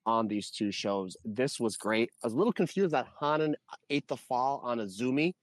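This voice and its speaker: A man co-hosting a podcast, talking through wrestling matches in a rambling, animated way. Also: medium pitch, moderate pace, dry recording. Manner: rambling, animated, lists names. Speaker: podcast co-host. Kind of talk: casual wrestling review chat.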